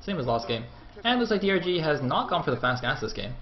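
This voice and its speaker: A man's voice: fairly high pitch, sing-song, fast, dull audio. A man casting a game match in a casual, rambling way, often mocking himself and swearing. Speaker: amateur esports caster.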